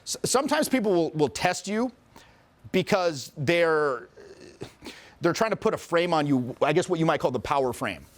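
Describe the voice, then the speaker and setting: A middle-aged man, a social skills coach, telling stories in a casual interview with an animated, profane delivery. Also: fairly high pitch, moderate pace. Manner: profane, animated, acts out quoted voices.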